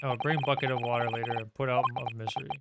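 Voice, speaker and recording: A man's voice: mid-range voice, level tone, quick pace, heavy background noise, close to an everyday voice. A man voicing a burly male sailor who speaks curt, blunt. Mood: gruff. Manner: curt, blunt, drops articles. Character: gruff burly male Russian sailor guarding a cabin. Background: loud game music.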